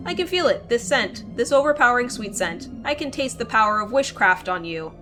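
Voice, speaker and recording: A woman voicing a menacing, gloating male king villain who speaks slowly and cruelly. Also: fairly high pitch, animated, pushed and bright, soft background music. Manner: slow, taunting, cruel.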